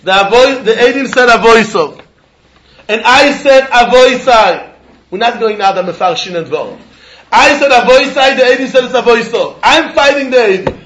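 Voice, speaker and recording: A man giving an animated Talmud lesson, asking and answering questions as he works through the text. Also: very high-pitched, roomy sound, rough recording. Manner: animated, questioning, mixing Yiddish and Hebrew terms. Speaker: Talmud teacher.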